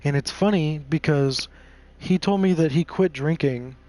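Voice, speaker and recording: A man's voice: a little high, unhurried, warm tone. A man telling a personal story while gaming, rambling and profane, with lots of "like" fillers.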